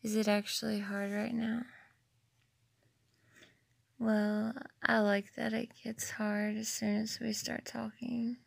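Woman, adult audio role-play; slow, teasing, flirtatious delivery, very gravelly fry. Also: on the high side, little pitch movement. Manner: slow, teasing, flirtatious talk addressed to the listener. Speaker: erotic audio creator.

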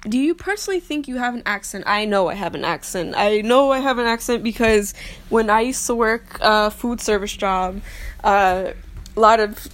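A young woman vlogger chats casually at a moderate pace in a medium-pitched voice. She's self-deprecating and talkative, and she often stumbles while reading something aloud.

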